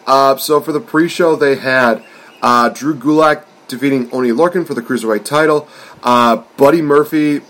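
A man's voice: medium pitch, moderate pace, fairly bright tone. Laughing, rambling male podcast co-host. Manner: laughs often, rambling, stammers. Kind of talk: casual wrestling podcast chat.

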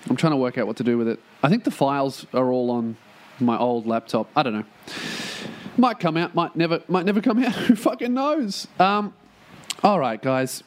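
A man's voice: mid-range voice, animated, normal speed. A man hosting his own podcast, rambling casually and profanely with self-mocking jokes, recorded in a room at a shared workplace. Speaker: podcast host.

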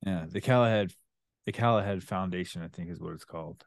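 A man's voice: low voice, quick pace, vocal fry, no room sound. A middle-aged man co-hosting a casual father-and-son chat, laid-back and laughing often. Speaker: co-host, father.

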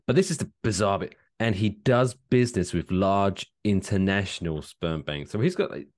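A man co-hosting a podcast, chatting casually and joking through odd news stories with big swings in his voice. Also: normal speed. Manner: lively, jokey, reads news out loud with big pitch swings. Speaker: podcast co-host. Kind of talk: casual chat.

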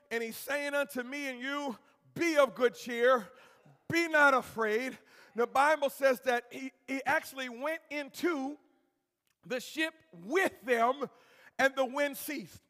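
A man preaching a sermon as pastor, impassioned, swinging from low tones up to shouts and calling out to his congregation. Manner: call-and-response with congregation. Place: church sanctuary. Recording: long church-hall reverb.

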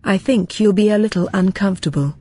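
A woman's voice: medium pitch, a little fast, mellow, breathy edge, lightly acted. A woman reading the lines of a scheming male villain who runs a facility, in a gloating, threatening way.

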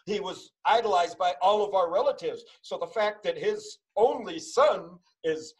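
A man's voice: high voice, a little slow, darkish tone, low-quality recording. A man in his forties hosting a podcast, talking in an earnest way and relating personal stories. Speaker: podcast host. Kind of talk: casual conversation.

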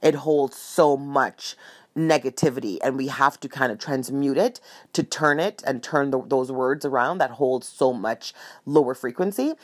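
A woman telling a personal story in a casual, animated way, often asking "right?" and "you know?". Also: very deep voice, moderate pace. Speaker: storyteller sharing a spiritual anecdote.

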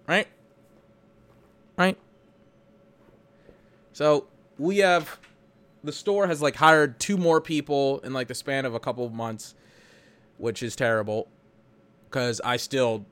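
A young man talks into a close mic about his day, ranting with plenty of swearing and sudden shouts. His voice is bright and edgy. The sound is dry and close, with no room around it. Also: medium pitch, clear, resonant tone, no room sound. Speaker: podcast host. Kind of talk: casual solo podcast rant.

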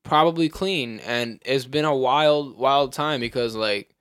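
A man's voice: mid-range voice, measured pace, a bit bright, clean tone. A young man co-hosting a podcast in casual chat, loose, joking and swearing freely. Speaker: podcast co-host.

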